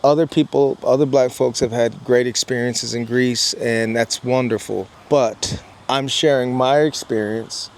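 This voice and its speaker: A man's voice: mid-range voice, fairly even intonation, unhurried, hardly any pauses, slight background noise. A man earnestly telling a personal travel story to camera, emphatic and acting out the dialogue. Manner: earnest, emphatic retelling with lots of quoted dialogue.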